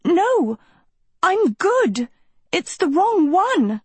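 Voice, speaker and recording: A woman voicing a vain teenage girl who longs to be a princess, shrill and high-strung. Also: very animated, very slow, no room sound, exaggerated voice. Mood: panicked.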